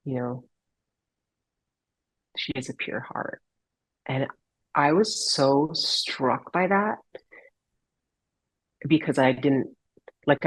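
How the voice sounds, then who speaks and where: Woman guest sharing her life story, earnest, searches for words, husky voice. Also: very deep voice, dry recording, rough recording. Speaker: podcast guest, holistic healer. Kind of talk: heartfelt personal story in a podcast interview.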